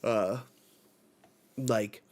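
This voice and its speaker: A man hosting a live manga reaction, thinking out loud with lots of fillers and reading lines aloud. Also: on the low side, steady tone, extremely slow. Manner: reads lines aloud in a slightly raised voice. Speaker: manga reaction channel host.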